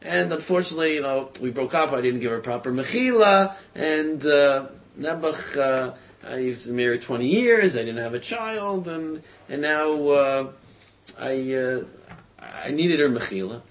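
A man's voice: medium pitch, lively intonation, unhurried. A man voicing a wealthy man in a folk tale who earnestly pleads for forgiveness and offers money freely. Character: wealthy man seeking forgiveness, eager and generous.

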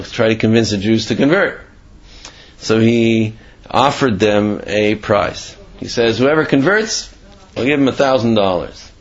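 A man's voice: lowish voice, muffled recording. A man teaching a Torah class in a rambling, conversational way, full of fillers and restarts. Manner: rambling, conversational, with many fillers and Hebrew terms. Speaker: religious teacher.

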